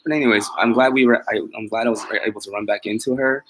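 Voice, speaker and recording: This mobile pet groomer vlogger talks casually to his live viewers in a medium-pitched, fairly bright voice, steady in tone and quick in pace. He rambles, pokes fun at himself, laughs often, and fills his speech with fillers and restarts. The audio is poor, with a little hiss or hum.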